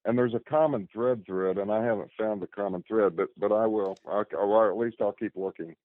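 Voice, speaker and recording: A man talking as a guest in casual conversation, halting and repeating words as he thinks. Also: on the low side, no room sound. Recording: tinny phone line.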